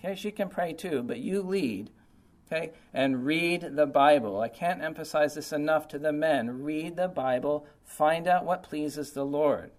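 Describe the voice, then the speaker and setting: A man's voice: on the high side, unhurried. A man preaching a sermon in an informal, conversational way, often checking in with "okay" and "right". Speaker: pastor.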